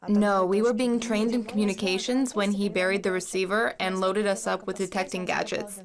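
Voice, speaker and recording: A woman's voice: medium pitch, level tone, brisk. Chatty young woman cadet, voice-over. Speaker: military cadet. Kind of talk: dubbed documentary voice-over. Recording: crowd noise behind.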